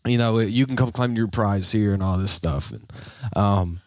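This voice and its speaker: A man's voice: fairly low pitch, moderate pace, dry recording, studio quality. A man casually telling a funny story among friends, laughing often and acting out the people in it. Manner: animated, laughs often, acts out voices in his story.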